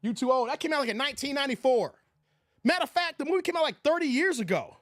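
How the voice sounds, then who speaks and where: Man, live stream host, high voice, dry close sound, animated with lots of laughing. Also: fast talker, no echo. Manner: animated, laughing, quoting movie lines. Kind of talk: casual live stream chat.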